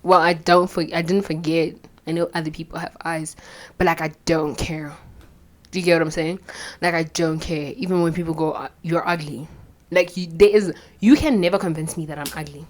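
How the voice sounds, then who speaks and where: A young woman, telling a candid personal story with plenty of swearing and quiet whispered asides. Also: low voice, steady tone, brisk. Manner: blunt and profane, drops into whispered asides. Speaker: vlogger.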